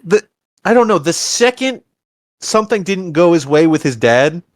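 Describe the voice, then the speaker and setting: A man with a fairly high voice recaps a movie for his co-host, jumping in and out of the characters' lines with plenty of energy. The sound is dry and close to the mic. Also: moderate pace, no room sound. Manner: animated retelling, acts out characters' lines. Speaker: podcast co-host. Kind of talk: casual movie review chat.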